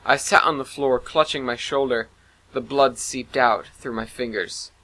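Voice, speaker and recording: A man's voice: medium pitch, fairly even intonation, measured pace, pushed and bright, rough recording. A man narrating a first-person science fiction style story, dramatic in delivery.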